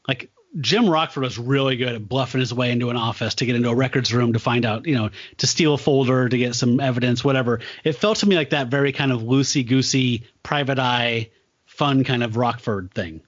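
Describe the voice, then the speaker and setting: A man co-hosting a casual comic book podcast, enthusiastic and quick to laugh. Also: mid-range voice, a bit bright, no room sound, dull audio. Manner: enthusiastic, laughs often, makes pop culture comparisons. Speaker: podcast co-host.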